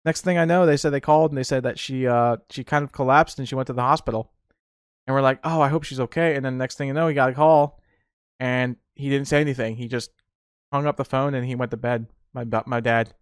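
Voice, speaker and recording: A man's voice: medium pitch, fairly even intonation, a little fast, clear, resonant tone, dry recording, clean studio sound. A young man hosting a casual solo podcast, telling rambling stories with laughter and restarts. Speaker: podcast host.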